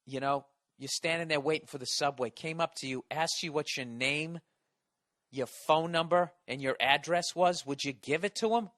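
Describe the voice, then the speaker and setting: A man rants through a comedic podcast monologue, swearing freely and tripping over restarts as his exasperation builds. His voice is bright and forceful, pitched a bit high. The sound is dry and close. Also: no room sound. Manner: profane, exasperated ranting with restarts. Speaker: podcast host. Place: Los Angeles.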